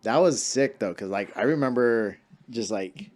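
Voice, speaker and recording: A man's voice: mid-range voice, expressive, normal speed, a little mellow. A young man co-hosting a podcast in casual chat, easygoing, swearing casually and slipping into playful voices. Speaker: podcast co-host.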